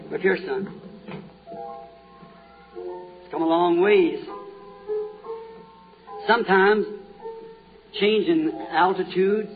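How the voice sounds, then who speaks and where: A man preaches a healing revival with fervor, asking his listeners the same questions over and over. His voice sits slightly high. It comes through a thin, phone-like old recording, with music playing clearly behind him. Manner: fervent, repeats questions to the crowd. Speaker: evangelist preacher. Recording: tinny lo-fi old tape.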